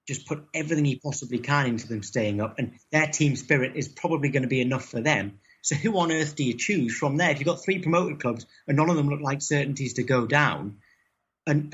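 Husky-voiced man, hesitant football chat. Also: medium pitch, fairly bright tone, lo-fi sound. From North East England. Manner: hesitant, repeats words when starting sentences. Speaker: guest. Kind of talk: casual interview chat.

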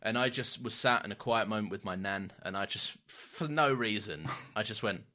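A man's voice: lowish voice, moderate pace, few pauses, pushed and bright. A man co-hosting a podcast, telling rambling stories with casual swearing and frequent laughs. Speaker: podcast co-host. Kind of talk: casual chat.

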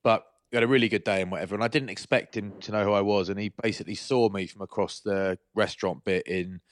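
Man, lowish voice, dry recording, bantering podcast chat. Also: steady tone, fast, no echo. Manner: teasing, self-mocking banter. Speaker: podcast co-host. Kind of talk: casual chat.

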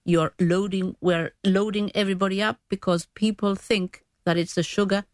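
A woman talks through health facts patiently, circling back and restarting her sentences as she goes. Her voice sits at a middling pitch. The sound is close and dry, with no room around it. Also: fairly even intonation, normal speed, no echo. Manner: explains patiently with frequent restarts. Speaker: diabetes educator guest. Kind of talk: explanatory radio chat.

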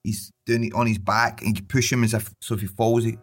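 A young man, co-hosting a podcast and telling stories about his baby in a sweary, laughing, animated chat. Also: fairly low pitch, fairly quick, slightly rough, faint music behind. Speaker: podcast co-host. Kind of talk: casual chat.

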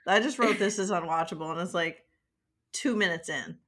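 A woman's voice: lowish voice, moderate pace, fairly bright tone. A woman co-hosting a podcast in casual chat, dry and sarcastic in manner. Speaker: podcast co-host.

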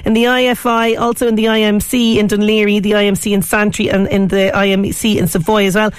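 A woman's voice: medium pitch, little pitch movement, a little fast, clean tone, no room sound. Enthusiastic woman radio host. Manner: enthusiastic, effusive praise. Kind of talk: radio interview chat.

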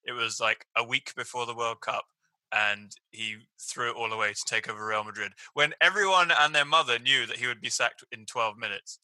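A man of middle pitch with a very bright voice, recorded dry and close. He steers the football talk with wry questions. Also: a little fast, no room sound, poor audio. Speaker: podcast co-host. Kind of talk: casual football chat.

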